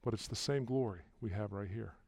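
A man preaching a sermon to a congregation, walking through verses and rising loudly on key words, often repeating himself. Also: on the low side, brisk, creaky, breathy edge, dry recording. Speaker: pastor.

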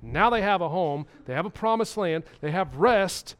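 A man's voice: high-pitched, expressive, normal speed. A man preaching a sermon, earnest, repeating key words and putting questions to the congregation. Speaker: pastor.

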